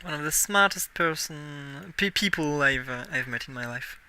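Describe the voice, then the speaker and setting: On a casual live game stream, a young French-accented man in his twenties, a native French speaker, muses aloud and corrects himself mid-play. His fairly high, pushed, bright voice has lively intonation at a normal speed, with slight background noise.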